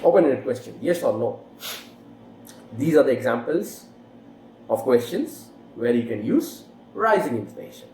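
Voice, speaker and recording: Teaching English online, this speaker asks the listener rhetorical questions and exaggerates the rise and fall of the voice. The tone is medium-pitched, expressive, and darkish, at a moderate pace with long pauses, in a roomy-sounding space with faint background noise.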